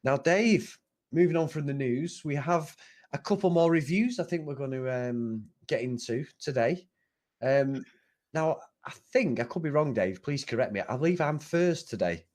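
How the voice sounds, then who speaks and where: Male podcast co-host, slightly raised pitch, chatty and rambling. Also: animated, moderate pace, darkish tone. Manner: chatty, self-deprecating, rambling. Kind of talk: casual podcast chat.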